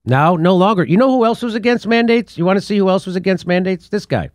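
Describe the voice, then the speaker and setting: A middle-aged man hosting a political commentary show, talking in an animated, scornful way and laughing between his points. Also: high voice, fast talker. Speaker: show host.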